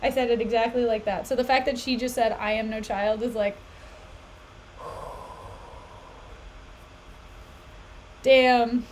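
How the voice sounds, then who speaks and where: A young woman streaming herself reading a play, breaking off into chatty, animated asides and frequent laughter. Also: on the high side, drawn-out words, long pauses, a little hiss or hum, rough recording. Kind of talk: casual chat.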